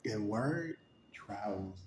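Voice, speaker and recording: Low-voiced man rambling in an echoey room. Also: animated, noisy background. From New York. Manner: acts out overheard chatter in quick shifting voices; laughs often between thoughts. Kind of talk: rambling personal monologue.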